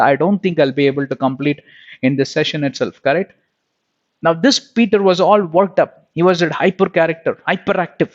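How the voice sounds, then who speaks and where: Emphatic man preaching a Bible lesson. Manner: emphatic, rises in pitch and volume when stressing points; repeats and restarts phrases, asks rhetorical questions. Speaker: Bible teacher. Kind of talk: sermon-style Bible lesson. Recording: dull lo-fi recording.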